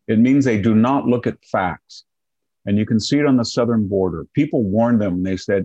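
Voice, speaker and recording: A man's voice: fairly low pitch, moderate pace, warm tone, dry recording, dull audio. A man in his sixties giving sardonic political commentary in an interview, often mocking opponents in quoted voices. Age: 60s. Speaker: guest commentator.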